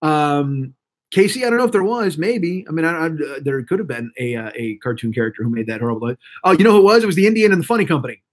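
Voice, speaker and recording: Fast, husky, hoarse man in his fifties. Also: on the high side. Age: 50s. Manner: rambling, profane, excitable, talks to chat. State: hoarse throat. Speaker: live-stream host. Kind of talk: casual live-stream chat.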